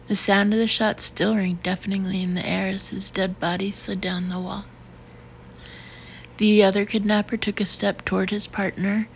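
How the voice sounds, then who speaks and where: A woman reading a thriller audiobook in a steady, even narration. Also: medium pitch. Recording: dull, slightly noisy recording.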